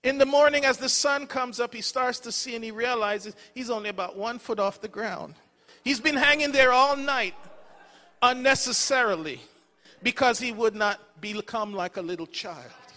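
A man's voice: extremely high pitch, moderate pace, bright, forceful tone, big-room sound. A middle-aged man preaching a sermon as pastor, telling folksy stories with casual asides. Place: church sanctuary.

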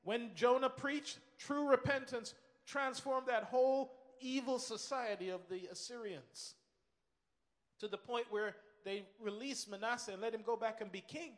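High-voiced preacher man in an echoing hall. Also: a little slow. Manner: emphatic, repeats key phrases, acts out quoted voices. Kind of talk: sermon.

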